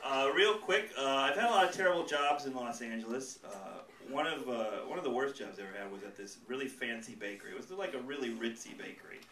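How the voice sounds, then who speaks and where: A male stand-up comedian doing a set on a comedy club stage, animated and jumping into loud character voices, with audience laughter behind him. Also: mid-range voice, quick pace, few pauses, background noise. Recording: roomy live club sound from a distance.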